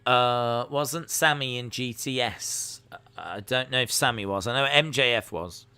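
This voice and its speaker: Slow-talking man with a bright, clear voice. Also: mid-range voice. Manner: jokey, reads out and answers chat. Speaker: live-stream host reacting to wrestling. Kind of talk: casual live-stream commentary.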